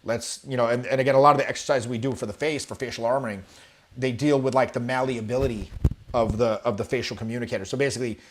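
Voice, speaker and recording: A man teaching charisma to camera, lively and demonstrative, acting out examples and swearing casually. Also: mid-range voice, fast talker, slight background noise. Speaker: charisma coach. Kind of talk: animated coaching talk to camera. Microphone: webcam or camera, video talk.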